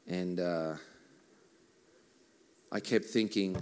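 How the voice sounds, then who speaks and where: A man's voice: deep voice, unhurried, long pauses, a little hiss or hum. A man, a worship musician chatting between songs at a church service in a joking, self-mocking way. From Australia. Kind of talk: casual stage banter between songs.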